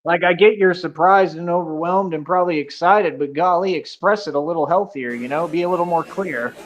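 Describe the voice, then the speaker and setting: A man's voice: a little high, fairly quick. A man streaming casually, rambling and joking, laughing often and filling with "like". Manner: joking, boastful.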